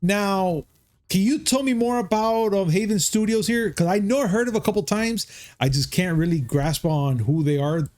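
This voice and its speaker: A man's voice: sits high, normal speed, a little mellow. A man from hosting a casual geek news podcast, upbeat and hyped, swearing freely. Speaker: podcast host. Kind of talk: casual chat.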